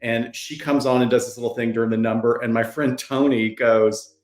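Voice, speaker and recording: A man's voice: medium pitch, steady tone, normal speed, a little mellow. A man co-hosting a podcast, chatting casually and enthusiastically. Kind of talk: casual chat. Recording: roomy echoey room.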